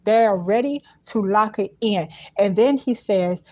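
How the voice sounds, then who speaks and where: A woman's voice: mid-range voice, a little slow, mellow, no room sound. A woman with giving a casual spiritual message, emphatic and repetitive as she unpacks each phrase. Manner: emphatic and repetitive, with colloquial speech. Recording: dull, dry, lo-fi sound.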